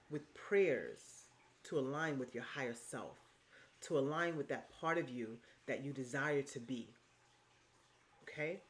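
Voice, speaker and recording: Emphatic and repetitive, this woman vlogger gives laid-back motivational advice about life, throwing in curses and pet names. Her delivery swings from low and hushed to high and loud.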